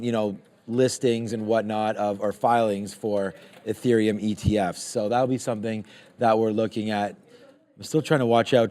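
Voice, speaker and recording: A man's voice: mid-range voice, darkish tone. A man co-hosting a live trading stream, thinking aloud as he scans coin prices and stock charts. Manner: rambling, thinks aloud while scanning charts. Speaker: co-host of a live trading show. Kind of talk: casual live-stream market talk.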